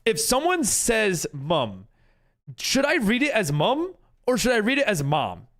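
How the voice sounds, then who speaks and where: An American man talks casually through a live game stream, reading messages from his chat and answering them as he builds. His voice sits fairly high for a man, and his pitch swings widely as he talks. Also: wildly swooping pitch, measured pace, a bit bright. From United States. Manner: chatty, reads and answers chat while building.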